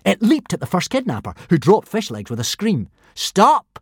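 A man narrating a children's adventure audiobook in an expressive, animated reading. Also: high-pitched, a little fast, slightly rough, dry recording, clean studio sound. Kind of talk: storybook narration.

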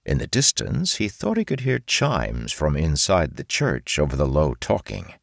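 A man narrating a fantasy audiobook in a steady storytelling manner. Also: extremely low pitch, unhurried, gravelly, no echo, studio quality.

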